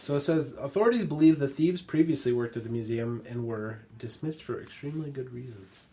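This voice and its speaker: A man's voice: medium pitch, brisk, dark tone. A young man co-hosting a podcast, reading news items aloud and joking with friends in casual chat.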